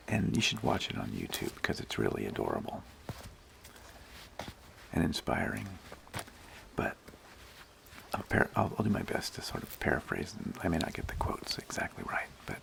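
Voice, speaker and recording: A man talking in a gentle, whispery ASMR manner, telling a story unhurriedly while out on a nature hike. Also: low-pitched, vocal fry, a little hiss or hum. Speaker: ASMR host. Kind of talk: soft-spoken ASMR talk.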